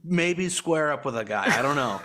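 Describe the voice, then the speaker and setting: A man's voice: a little high, expressive, moderate pace, sharp tone. A man on a podcast, reacting in short, laid-back remarks. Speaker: podcast co-host. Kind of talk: casual banter.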